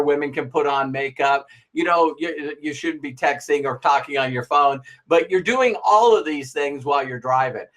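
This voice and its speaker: Middle-aged guy, kinda high voice, motivational talk, acts out quick back-and-forths. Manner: animated, acts out little dialogues with laughs. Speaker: motivational speaker.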